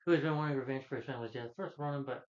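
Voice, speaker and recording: A man walks through a movie's plot in loose, rambling fashion, restarting sentences and tossing in quoted lines without changing his voice. His pitch sits in the middle of the usual range for a man. The recording sounds a bit dull and lo-fi. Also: fairly even intonation, racing. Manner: rambling, with many restarts and fillers; quotes characters in his own voice. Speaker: film reviewer. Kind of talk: casual plot recap.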